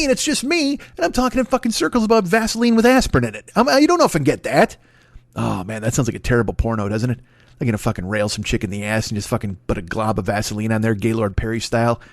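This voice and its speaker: A man's voice: medium pitch, no room sound, studio quality. A man in his forties hosting a solo comedy podcast, rambling through profane, self-mocking tangents. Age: 40s. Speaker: podcast host.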